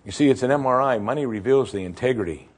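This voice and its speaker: A male pastor preaching a sermon in an animated way, full of rhetorical questions and acted-out voices. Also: mid-range voice, fast talker.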